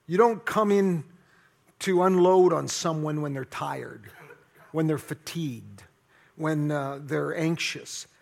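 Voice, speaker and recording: Slow gravelly-voiced man preaching. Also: on the high side. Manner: earnest, emphatic teaching with rising force on key words. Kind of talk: sermon.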